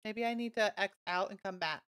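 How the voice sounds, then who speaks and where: Bubbly bright-voiced woman streamer. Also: mid-range voice, brisk, smooth. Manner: bubbly, gushing and easily excited. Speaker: game streamer. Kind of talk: casual live-stream chat while playing.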